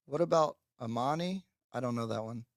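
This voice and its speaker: A man's voice: mid-range voice, a little fast, dry recording, clean studio sound. A man hosting a live stream, chatting casually and mocking himself while he talks to his viewers. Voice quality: gravelly, husky. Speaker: livestream host. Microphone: headphones with mic.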